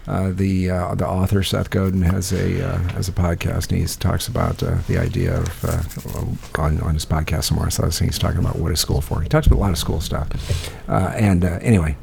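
A man's voice: low voice, flat delivery, brisk, creaky, a little mellow, a little hiss or hum. A man in his forties, a podcast co-host, talking in a rambling casual way. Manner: rambling, lots of uh and restarts. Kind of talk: casual chat.

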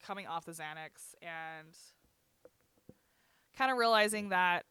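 Young adult, casual storytelling, candid, profane, frequent laughs, bright tone, dry recording. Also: mid-range voice, unhurried, smooth, no room sound. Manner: candid, swears, laughs often, quotes others with "I'm like". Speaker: guest recounting a hospital stay.

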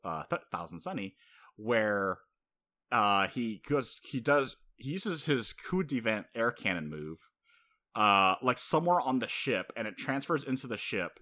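Animated man recapping with lively pitch. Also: measured pace. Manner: animated, acts out character lines in shifting voices, swears casually. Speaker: podcast co-host. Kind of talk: casual recap chat.

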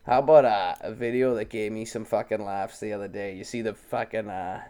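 A man's voice: lowish voice, steady tone, a little fast, warm tone. A man co-hosting a podcast in casual chat, crude and jokey, laughing often. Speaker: podcast co-host.

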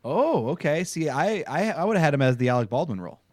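A man co-hosting a casual podcast, talking about a TV show with friends, animated and laughing often. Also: fast, no echo. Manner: animated, laughing, jumps into high voices for quotes. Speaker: podcast co-host.

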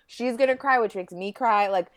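A young woman co-hosting a podcast tells a personal story casually and expressively, laughing frequently. Her voice is a little high and her pace moderate.

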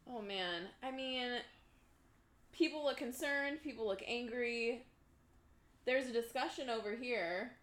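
A woman co-hosting a casual group chat, speaking tentatively and often trailing off. Her voice is fairly high. She is recorded in a room with a lot of echo. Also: unhurried, long pauses, fairly bright tone. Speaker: podcast co-host.

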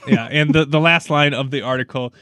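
A man's voice: fairly high pitch, brisk, a bit bright, no echo. A man, co-hosting a casual sports podcast, chatty and rambling, laughing often. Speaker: podcast co-host.

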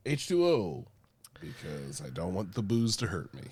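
A man's voice: sits low, sing-song, normal speed, darkish tone, breathy edge, dry recording. A man co-hosting a casual podcast while sick with a cold, making dry teasing jokes. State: under the weather, stuffed-up voice. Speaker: podcast co-host. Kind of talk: casual chat.

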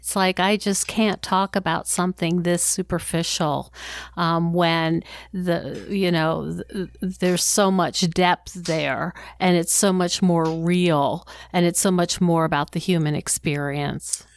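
A woman's voice: on the low side, steady tone, slow pace, no room sound. A woman hosting an interview podcast, speaking in a reflective, earnest way. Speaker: podcast host.

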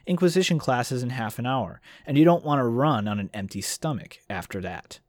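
A practical young noblewoman offering breakfast in a matter-of-fact tone, with a lively rise and fall, as a man reads her lines aloud. The sound is dry and close. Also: medium pitch, brisk, no echo, lightly acted. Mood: brisk. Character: brisk, generous young noblewoman.

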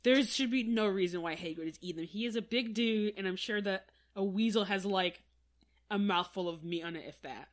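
Woman co-host, casual book-podcast chat, rambling, word-searching, trails off soft. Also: medium pitch, fairly quick.

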